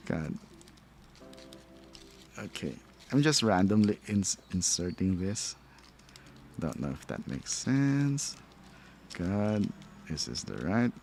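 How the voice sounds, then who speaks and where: A man's voice: low-pitched, very animated, slow, long pauses, darkish tone, a little hiss or hum. A man who is not a native English speaker, casually rambling and thinking aloud as he reviews a toy, chuckling at himself. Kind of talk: casual unboxing commentary.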